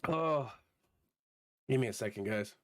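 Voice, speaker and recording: A man streaming a video game, chatting casually and bantering with viewers, his voice a bit hoarse from a recent illness. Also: medium pitch, a little slow, no echo. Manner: joking, bantering with chat.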